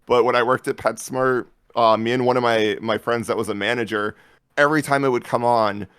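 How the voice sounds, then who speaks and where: A man co-hosting a casual podcast, rambling through stories in an animated way and laughing often. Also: mid-range voice, brisk, clean tone, dry recording, clean studio sound. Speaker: podcast co-host. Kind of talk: casual chat.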